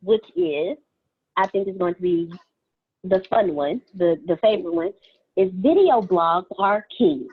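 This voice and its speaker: A woman's voice: lowish voice, animated, unhurried, husky. A woman co-hosting in an upbeat, conversational way. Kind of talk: casual talk. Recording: tinny phone-like audio.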